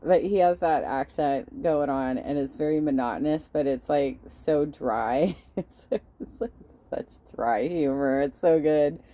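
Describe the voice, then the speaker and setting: Low-voiced woman reacting to clips. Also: a little slow. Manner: profane, animated, laughs often. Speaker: host reacting to videos. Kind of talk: casual reaction commentary.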